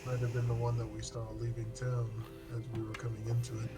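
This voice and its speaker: Male player, steady monotone, matter-of-fact; music clearly behind. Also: mid-range voice, fast talker. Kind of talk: tabletop game role-play.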